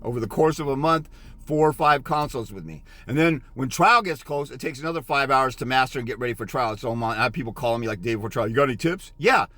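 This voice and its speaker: A man's voice: mid-range voice, fast, pushed and bright, dry recording. A middle-aged man giving a blunt, scolding motivational rant as a fathers' rights consultant, lecturing harshly.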